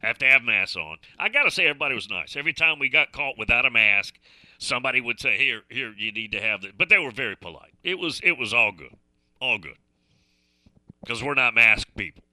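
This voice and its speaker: Man, radio talk host, folksy storytelling, animated pitch, dry close mic. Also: a little fast, no echo. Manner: folksy, chatty, repeats phrases and restarts. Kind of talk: casual storytelling chat.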